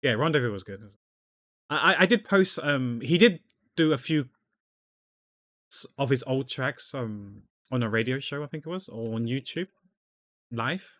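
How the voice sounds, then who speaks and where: A man's voice: mid-range voice, lively intonation, normal speed, pauses often, no room sound, studio quality. A man chatting casually with his viewers while drawing on a livestream, rambling and joking. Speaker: art streamer.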